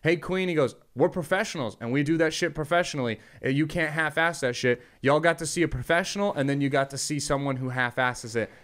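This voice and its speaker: A man who is a stand-up comedian, telling crude stories in a casual podcast chat and acting out loud, shouted quotes. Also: fairly high pitch, fairly quick, hardly any pauses.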